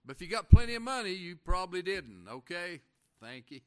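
A man preaching a folksy sermon, reading scripture slowly and asking the congregation questions. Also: sits high, very animated, darkish tone. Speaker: pastor.

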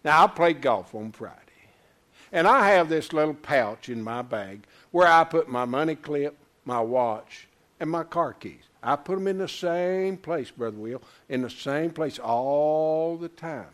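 An older man preaching a sermon, telling a folksy story and swinging from low murmurs to loud high exclamations. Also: animated, measured pace. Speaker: pastor.

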